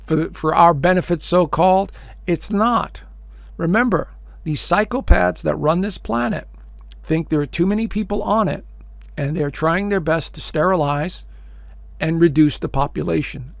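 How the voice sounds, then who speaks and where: A man's voice: fairly high pitch, creaky, no echo. A man hosting his own astrology video show, giving casual, emphatic commentary straight to his viewers with plenty of fillers and repeated phrases. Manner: emphatic, addresses listeners as folks.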